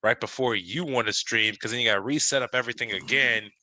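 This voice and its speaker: A man's voice: mid-range voice, quick pace, pushed and bright, a little hiss or hum, poor audio. A man in casual podcast chat, teasing his friends and swearing freely. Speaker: podcast co-host.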